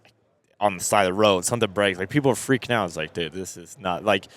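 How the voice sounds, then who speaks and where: A man's voice: lowish voice, very fast, fairly bright tone, no echo. A man who is an off-road racer, speaking earnestly as a guest in a casual podcast interview at a trade show and restarting his sentences often.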